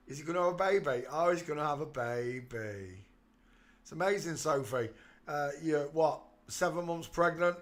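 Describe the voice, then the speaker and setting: At normal speed and a somewhat high pitch, a man runs his channel by making fun of photos, taunting as he addresses the viewer and laughing along the way.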